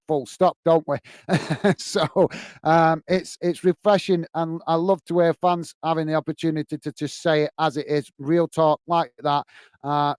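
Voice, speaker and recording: A man's voice: fairly high pitch, a little mellow, clear, resonant tone, no echo. A man hosting a live football fan watch-along, chatting enthusiastically with viewers, full of fillers and calling everyone mate. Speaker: fan channel host.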